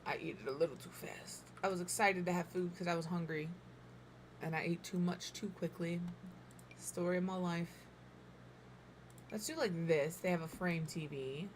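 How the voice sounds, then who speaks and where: Talking at a normal speed with frequent pauses, this game builder streamer in her thirties has a fairly low voice. She thinks aloud while she builds, makes jokes about herself, and now and then speaks with her mouth full. Slight hiss or hum is audible.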